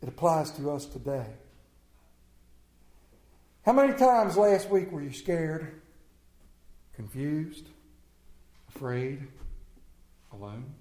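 A man with a fairly high yet mellow voice preaches a sermon, emphatic and folksy, leaning on rhetorical questions and repeated phrases. His voice rings through an echoey church room. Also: animated, slow, pauses often. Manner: folksy, plain-spoken asides.

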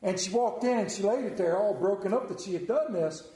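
A male preacher with a fairly high voice spins a folksy, humorous story before reading scripture. His voice rings through a reverberant church room, with an easy drawling delivery. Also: a little fast, mellow. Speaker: pastor. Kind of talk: sermon with jokes and scripture reading. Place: church sanctuary.

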